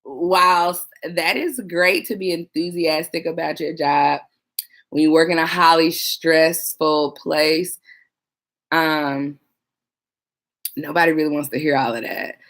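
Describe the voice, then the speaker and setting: A woman's voice: low-pitched, measured pace, pauses often. A woman who worked as a police dispatcher, chatting casually to viewers about trainees and acting out coworkers. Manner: chatty, laughing, mimics people. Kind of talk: casual livestream chat.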